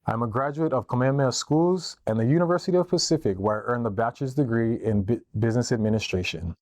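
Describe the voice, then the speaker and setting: A man from Hawaii, a political candidate, reading his campaign statement in a steady, formal way. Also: medium pitch, fast, dry recording.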